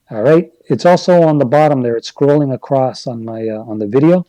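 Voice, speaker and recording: A man from Canada hosts a casual livestream, reading viewer comments aloud and drifting off into heated rants. His voice is dark and mellow, recorded close and dry with no room sound. He talks loosely, with restarts and fillers. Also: mid-range voice, a little fast, hardly any pauses, no room sound, rough recording. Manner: conversational, rambling, gets worked up into rants. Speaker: livestream host reading chat.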